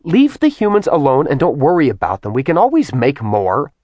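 A man's voice: fairly high pitch, huge pitch swings, a little fast, a little mellow, no echo, voice pushed up. A man voicing a cold, haughty goddess mother who speaks sharply and dismissively in an audiobook reading. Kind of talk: audiobook character voice.

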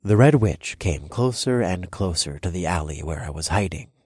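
Brooding male audiobook narrator, deep husky voice, dry booth recording. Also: animated, moderate pace, a little mellow, no echo. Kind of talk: first-person audiobook narration.

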